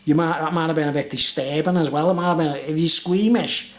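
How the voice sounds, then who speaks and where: Middle-aged male vlogger, high-pitched, loose rambling storyteller, echoey room. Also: fairly even intonation, fairly quick. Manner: chatty, laughs often, fills with "you know what I mean".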